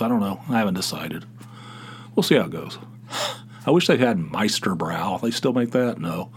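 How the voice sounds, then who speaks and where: A man's voice: medium pitch, husky. A middle-aged man hosting a casual solo podcast, rambling with stammered restarts and swearing. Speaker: podcast host.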